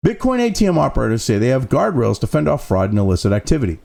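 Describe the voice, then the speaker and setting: A man's voice: medium pitch, big pitch swings, rapid-fire, creaky, darkish tone. A man hosting a commentary show, reading news excerpts and breaking off into profane, sarcastic, exasperated rants with mocking asides. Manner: mocking asides between read-out passages.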